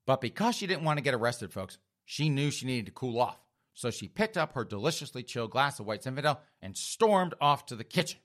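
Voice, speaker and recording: A male comic storyteller talks to his listeners as folks, sardonic and mocking. His tone is bright and forward, and his pitch swoops up and down with lively emphasis. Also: fairly quick, few pauses. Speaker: comedic storyteller. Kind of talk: comedic storytelling.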